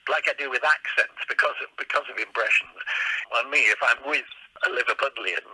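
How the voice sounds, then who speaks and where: A man's voice: medium pitch, a little fast, sharp tone, slightly rough, dry recording, rough recording. An older man, a guest impressionist, telling rambling anecdotes in casual chat.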